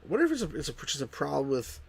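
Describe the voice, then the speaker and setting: A man narrates his moves in a let's play, rushing and halting with frequent restarts. His voice runs fast with a gravelly, fried edge. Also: fairly high pitch, huge pitch swings, darkish tone. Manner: halting, restarts mid-sentence. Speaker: co-host playing the game. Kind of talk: casual let's play commentary.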